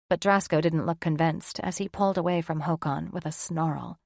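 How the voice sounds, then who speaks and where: A woman narrating a fantasy romance audiobook in an even, measured way. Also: low-pitched, creaky, no room sound, clean studio sound. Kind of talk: scripted narration.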